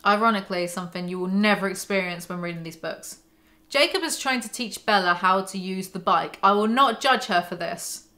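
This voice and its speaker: Her voice is medium-pitched, bright and forceful as she hosts a book breakdown. Reading passages aloud, this commentary host mixes in mocking, sarcastic remarks.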